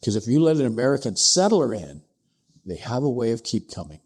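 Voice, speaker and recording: A man telling a historical story as a podcast guest, acting out the dialogue with sudden rises in pitch. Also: very animated, brisk, darkish tone. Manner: acts out dialogue with pitch jumps, asides like "I'm paraphrasing". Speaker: podcast guest, distillery co-founder.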